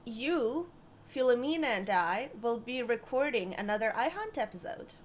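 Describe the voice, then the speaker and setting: A woman's voice: a little high, lively intonation, normal speed, slight background noise. A woman co-hosting a casual live-stream Q&A, playful and teasing, often giggling.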